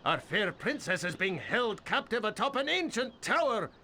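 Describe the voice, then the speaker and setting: A man's voice: high-pitched, big pitch swings, moderate pace, pushed and bright, slight background noise, full character voice. A flowery, fawning old man. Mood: pleading. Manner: flowery, eager to please, dramatic gasps. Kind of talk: video game voice acting.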